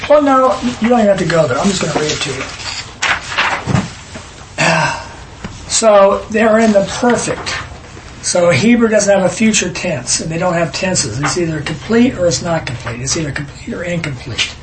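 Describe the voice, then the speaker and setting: A man teaching scripture with a fairly high voice, emphatic and prone to tangents as he reads verses aloud. His voice rings in an echoey room, over a faint hiss. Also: expressive, normal speed. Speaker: Bible study teacher. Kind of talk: informal Bible teaching.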